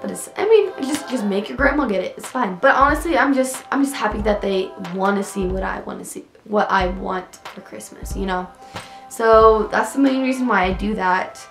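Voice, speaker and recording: A young woman with a sick, hoarse voice, chatting casually to camera about her holiday wish list. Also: mid-range voice, moderate pace, roomy sound, faint music behind. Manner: chatty, upbeat, rambling. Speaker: vlogger.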